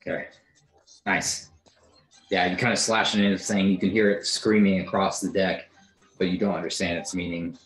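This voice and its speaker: A man's voice: sits low, normal speed, long pauses. A man running a tabletop role-playing game as game master, talking in a loose, casual way with lots of fillers. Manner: relaxed, casual, with many fillers. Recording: roomy echo.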